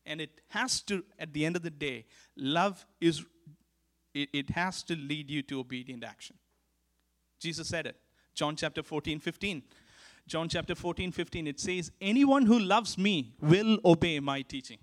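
A man preaching to his church in an earnest sermon, his voice sitting a little higher than most men's. He drives his points home by repeating them. He shifts between forceful calls to act and soft, close asides. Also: moderate pace. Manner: earnest, repeats key lines for emphasis; swings from emphatic to hushed. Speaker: pastor.

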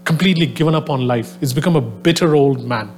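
A man with a medium-pitched voice talks fast through a sermon to a live audience, recorded at a venue with a soundboard and a little hiss or hum. He tells a filler-heavy story conversationally before rising into fervent exhortation of his listeners.

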